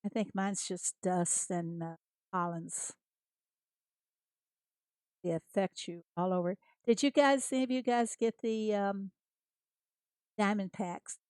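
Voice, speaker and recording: A woman's voice: medium pitch, fairly even intonation, slow, pauses often, darkish tone, clear, resonant tone, no echo. An American woman chatting casually with viewers as she streams a farming game, greeting them by name and laughing often. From United States. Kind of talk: casual livestream chat.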